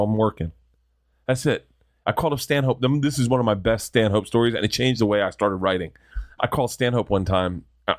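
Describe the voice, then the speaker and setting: A man who is a comedian, telling stories in a rambling, excitable, profane way as a podcast guest. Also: lowish voice, dry recording, clean studio sound. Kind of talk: casual podcast chat, storytelling.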